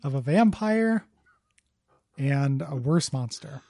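A man hosting a podcast, bantering playfully and quickly, often laughing along. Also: a little high, animated, creaky, warm tone, no room sound. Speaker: podcast host. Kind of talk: improvised comedy banter.

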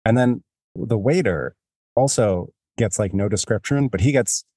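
A man's voice: on the low side, normal speed, mellow, breathy edge, dry recording, studio quality. A man hosting a podcast, talking through a book in a rambling, self-deprecating way with many restarts. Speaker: podcast host. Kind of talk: casual book discussion.

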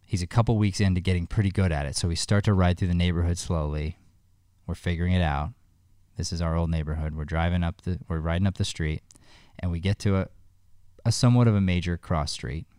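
Man, deep voice, earnest, one-on-one talk, dry close sound. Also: steady tone, brisk, a little mellow, smooth, dry recording. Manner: earnest, storytelling, repeats and restarts. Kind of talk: heartfelt one-on-one conversation.

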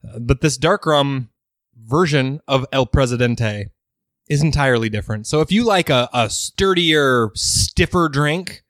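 A man co-hosting a podcast in casual chat, wry and quick with quips. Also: mid-range voice, lively intonation, fairly bright tone, no room sound, studio quality. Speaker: podcast co-host. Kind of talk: casual chat about cocktails.

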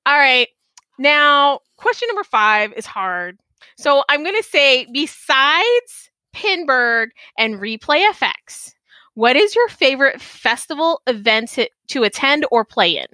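Woman, podcast host, high voice, bright tone, lively, eager, dry room. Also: dry recording. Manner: lively, bubbly, quick to laugh. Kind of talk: casual interview.

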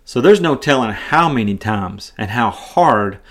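Man, Bible study podcast host, mid pitch, conversational and earnest, frequent self-corrections. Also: expressive, measured pace, a bit bright. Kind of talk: casual Bible study teaching.

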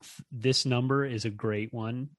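A man's voice: mid-range voice, fairly even intonation, a little slow, no echo, studio quality. An American man co-hosting a podcast in casual chat, rambling and correcting himself with wry asides. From United States. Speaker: podcast co-host.

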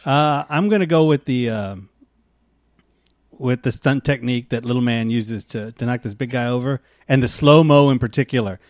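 A man in a casual movie discussion, talking earnestly with some halting restarts. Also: mid-range voice, darkish tone, no echo, studio quality.

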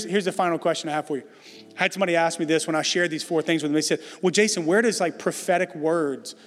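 High-voiced pastor preaching in a big hall. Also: male voice. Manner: emphatic, conversational preaching with self-deprecating jokes. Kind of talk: sermon. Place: large church hall before a congregation. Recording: reverberant hall with soft music behind.

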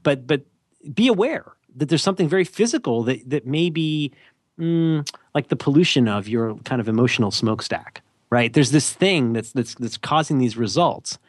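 A man's voice: mid-range voice, animated, normal speed, no room sound, clean studio sound. A man co-hosting a podcast, chatting casually and giving advice in a self-deprecating, rambling way, with lots of restarts. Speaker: podcast co-host. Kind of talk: casual conversational advice chat.

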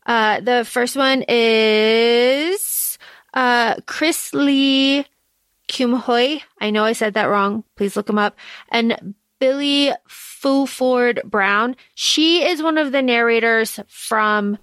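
A woman co-hosting a podcast in casual chat, speaking in a thoughtful, halting way with pauses. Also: a little high, a bit bright, clean tone, no echo. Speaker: podcast co-host.

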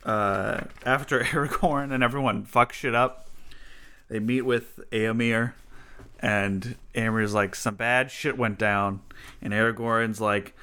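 A man with a bright, forward voice talks casually on a podcast. He tosses in quick amused asides at an everyday pitch. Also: fairly even intonation, clear, resonant tone. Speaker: podcast co-host. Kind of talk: casual book-club chat.

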